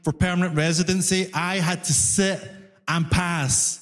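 A Scottish man with a Glaswegian accent doing a stand-up comedy set, animated and mock-exasperated as he tells his story. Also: high voice, a little slow. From Scotland. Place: comedy club stage. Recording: reverberant live venue.

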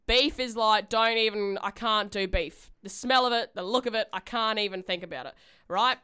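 A woman's voice: medium pitch, normal speed, pushed and bright, smooth. A young woman co-hosting a radio show, telling a rambling, candid story and swearing freely. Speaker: radio co-host. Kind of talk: casual radio chat.

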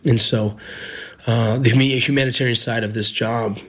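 A man's voice: mid-range voice, steady tone, moderate pace, a bit bright, breathy edge. A middle-aged man, a former border agent and medic, telling a personal story in an earnest, heartfelt way.

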